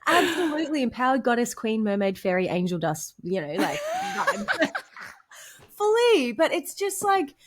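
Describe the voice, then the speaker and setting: A woman's voice: high-pitched, huge pitch swings, unhurried. Bubbly young woman chatting. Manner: bubbly, laughs often, lots of "like". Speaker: podcast co-host. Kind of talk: casual chat.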